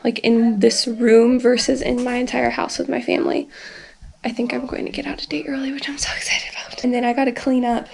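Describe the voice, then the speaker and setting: A woman's voice: on the high side, level tone, fairly quick, gravelly, darkish tone. A young woman recording a casual video diary in her bedroom while recovering from an illness, rambling with lots of "like" and "um". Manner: rambling, full of "like" and "um" fillers. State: recovering from illness, tires easily. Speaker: vlogger. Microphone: camera filming herself.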